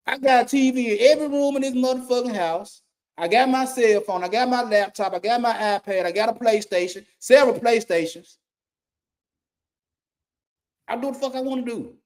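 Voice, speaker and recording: A middle-aged man, a YouTube commentator giving a blunt, profane rant and repeating his points for emphasis. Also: high-pitched. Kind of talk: ranting monologue.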